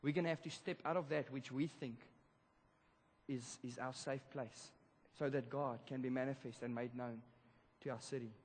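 A man preaching a sermon, telling a story in a lively, casual way with slang. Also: mid-range voice, moderate pace. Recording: reverberant church hall.

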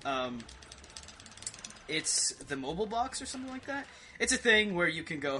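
A young man giving rambling, excitable commentary over a video game, swearing and yelping as he plays. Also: on the high side, moderate pace, long pauses, a little hiss or hum. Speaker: gaming video host. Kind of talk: rambling let's play commentary.

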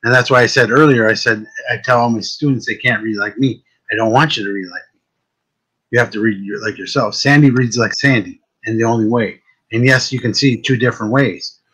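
A man with a fairly deep voice, hosting a casual chat as a psychic medium and telling stories in an animated way, often repeating words as he starts a thought. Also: fairly quick, slightly rough, low-quality recording.

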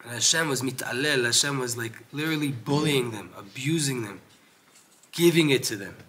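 A man giving a Torah lesson who reads Hebrew passages quickly and explains them in English with frequent restarts. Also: breathy edge. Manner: grows loud and high when animated, drops low when lecturing. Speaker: Torah teacher.

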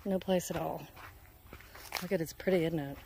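A woman's voice: lowish voice, fairly even intonation, moderate pace, creaky, mellow, a little hiss or hum. A woman chatting casually to her phone camera while walking outdoors on a neighborhood road, a little out of breath. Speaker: vlogger. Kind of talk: casual walking vlog chat. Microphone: handheld phone camera.

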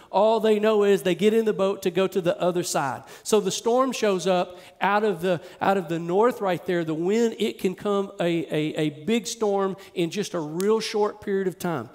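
Male pastor, high voice, casual-to-fervent sermon delivery. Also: a little mellow. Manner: conversational, emphatic preaching that swells in intensity. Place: church sanctuary with a live congregation.

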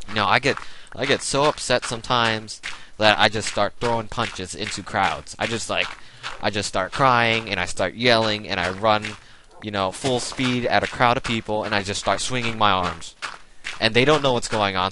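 A young man hosting a gaming video rambles through jokey tangents as he plays, in a let's-play commentary style. His voice is on the low side, with background noise in the recording.

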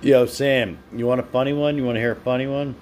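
A man's voice: mid-range voice, steady tone, quick pace, a little mellow, a little hiss or hum. A man hosting a casual live stream, chatting with viewers by name and laughing often while he reads their comments. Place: home.

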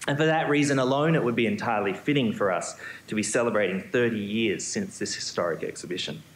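Man giving a curator's lecture, fairly low voice, measured with ums, echoey auditorium, faint hum. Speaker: museum curator giving a symposium talk. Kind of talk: prepared lecture. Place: auditorium stage.

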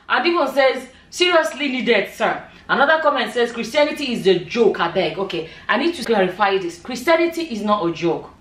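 A woman's voice: a little high, a bit bright, roomy sound, distant mic. A woman chatting casually as a vlogger, reading comments aloud and laughing often.

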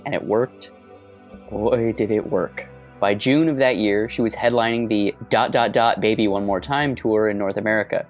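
A podcast co-host reading a prepared script in a steady, even manner. Faint music plays underneath. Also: mid-range voice, moderate pace. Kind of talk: reading scripted narration and casual chat.

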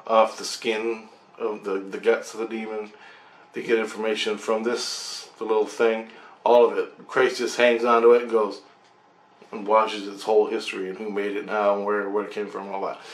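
A man telling a long story in a casual monologue, rambling and swearing freely, often laughing as he talks. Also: on the low side. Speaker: channel host telling a story. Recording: roomy echo.

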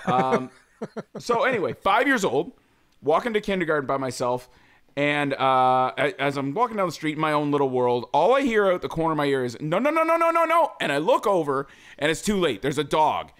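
A man's voice: fairly high pitch, lively intonation, fairly quick. A man in his forties, a podcast host, telling a story in casual chat, laughing often and swearing freely.

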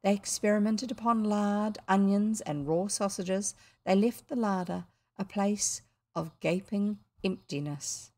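A woman reads a children's classic aloud at an unhurried pace. She breaks off for chatty, amused asides between chapters, at an ordinary middle pitch. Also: darkish tone. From New Zealand. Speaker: reader.

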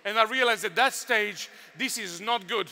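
A man with a Serbian accent telling stories and preaching at a youth workshop, animated and full of sound effects. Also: high voice, moderate pace. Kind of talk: storytelling youth workshop talk.

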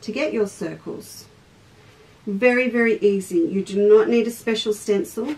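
A woman's voice: mid-range voice, moderate pace, darkish tone, recorded from a distance, rough recording. An Australian woman hosting a live sewing demonstration, chatty and breaking off from the task to greet viewers. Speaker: craft teacher and shop host. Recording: voice a little off-mic, faint background noise.

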